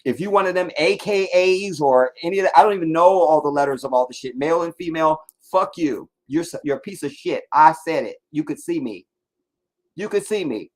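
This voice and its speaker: A man's voice: on the high side, fast, hardly any pauses. A man hosting a casual livestream, ranting and rambling with heavy profanity. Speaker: livestream host.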